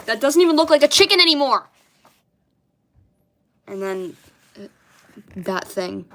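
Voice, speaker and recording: A woman's voice: sits high, very animated, a little slow, fairly bright tone, a little hiss or hum. A young woman in casual chat, bemused, swearing often and laughing at herself as she goes through old childhood drawings. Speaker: artist reviewing her childhood comics.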